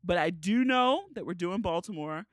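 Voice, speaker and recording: A woman's voice: fairly low pitch, expressive, normal speed, dry recording. Tearful woman hosting a solo podcast, candid and emotional, dry close mic. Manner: emotional, candid, swears casually. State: tearful, crying. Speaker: podcast host.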